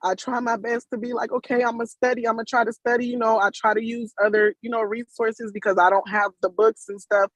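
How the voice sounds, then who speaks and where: A woman's voice: on the high side, flat delivery, brisk, hardly any pauses, no room sound. A woman, calling in on a video call from work, giving an emotional, rambling thank-you. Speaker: caller. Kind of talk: casual testimony on a video call.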